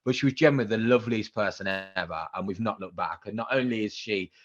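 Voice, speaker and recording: A man in his thirties tells his stories at a quick clip in a slightly low voice. He plays out the quotes with bursts of excitement. The recording is dull and lo-fi. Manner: animated anecdotes with acted-out quotes and excited outbursts. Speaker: guest, radio presenter. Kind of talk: casual interview storytelling.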